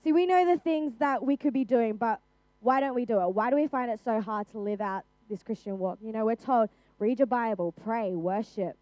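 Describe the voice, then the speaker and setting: Young Australian woman, youth preacher; high voice, earnest and chatty, dry close sound. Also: normal speed, mellow, no room sound. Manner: earnest, conversational, with frequent restarts and "like". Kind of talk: sermon.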